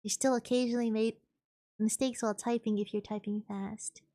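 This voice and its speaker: A woman's voice: on the high side, fairly even intonation, a little fast, mellow. A woman streamer chatting casually while gaming, thinking aloud and answering chat.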